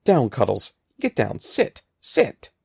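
A man voicing a flustered heavyset male teacher who shouts commands in a panic. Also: mid-range voice, wildly swooping pitch, slow pace, vocal fry, husky, no echo, clean studio sound, heavily acted. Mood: commanding.

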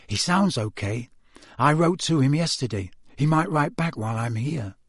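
A man reading an audiobook who voices a soft-spoken, earnest teenage boy. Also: fairly high pitch, animated, normal speed, breathy edge, no echo, studio quality.

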